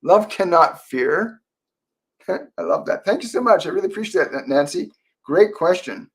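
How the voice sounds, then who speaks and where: A man hosting a live-stream Q&A as a psychic medium, talking softly and meanderingly with many fillers and restarts. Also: high voice, lively intonation, moderate pace. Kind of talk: live-stream Q&A, relaying spirit messages.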